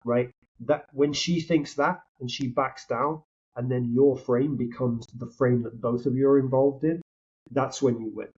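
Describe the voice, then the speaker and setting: A podcast guest with a steady, mid-range, darkish voice and a breathy edge talks at a measured pace. He rambles casually, hedges, interrupts himself, and often restarts his sentences. His mic has a dull, lo-fi sound.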